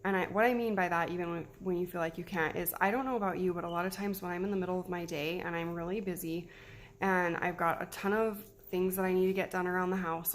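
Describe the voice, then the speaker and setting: Woman, 30s, casual vlog tips, warm pep-talk delivery, lower pitch. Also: a little hiss or hum. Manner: chatty, encouraging, repeats herself. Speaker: mom giving self-care tips.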